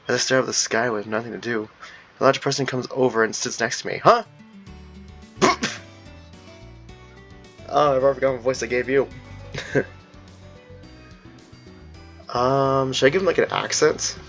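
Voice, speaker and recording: A man's voice: medium pitch, moderate pace, long pauses, a bit bright, faint music behind. A man reading a visual novel aloud with playful commentary, often laughing at himself.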